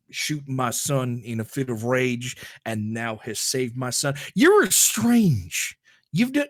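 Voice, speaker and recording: A man's voice: medium pitch, fairly bright tone, dry recording, studio quality, pitched below the performer's own voice. A man voicing a strange ancient cosmic father who talks in a rambling, theatrical way. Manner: rambling, theatrical, later a goofy Southern drawl.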